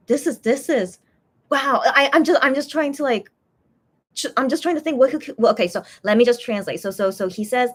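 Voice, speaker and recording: A young woman chatting casually on a live stream, reading viewer comments and translating messages with frequent pauses and restarts. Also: a little high. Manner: hesitant, many restarts while translating.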